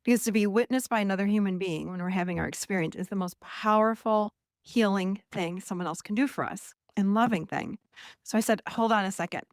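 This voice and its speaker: A middle-aged woman hosting a podcast, telling a personal story and acting out her own heated words with lively emphasis. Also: mid-range voice, a little fast, no echo, studio quality. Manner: animated, acts out her own heated quotes. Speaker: podcast host. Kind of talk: personal storytelling about emotions.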